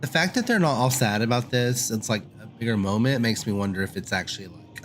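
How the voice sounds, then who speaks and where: A man's voice: medium pitch, lively intonation, a little fast, few pauses, a bit bright. Male game streamer, casual chatty commentary, self-deprecating, faint music under him.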